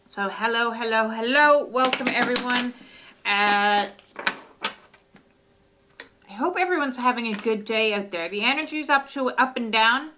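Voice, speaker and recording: A woman's voice: on the high side, pushed and bright, slight background noise. A middle-aged woman hosting a live oracle card reading from her home studio, talking in a soothing way with lots of "uh" fillers.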